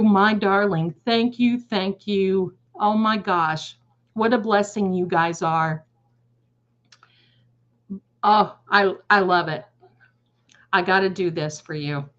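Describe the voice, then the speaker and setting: A woman's voice: medium pitch, highs cut off. A woman hosting a tarot live stream, chatting casually in an effusive, gushing way.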